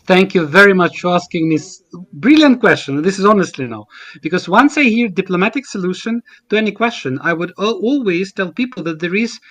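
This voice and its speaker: A man makes his case as a guest commentator in a panel discussion. His voice sits high for a man, and he talks in an earnest, emphatic way, often stopping and restarting a phrase. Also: lively intonation, fairly quick, a bit bright. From Ukraine.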